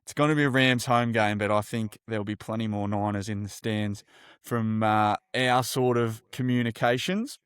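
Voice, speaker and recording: Upbeat Australian host, smooth voice. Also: male voice, lowish voice, fairly even intonation, normal speed, no echo, clean studio sound. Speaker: podcast host. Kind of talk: upbeat interview.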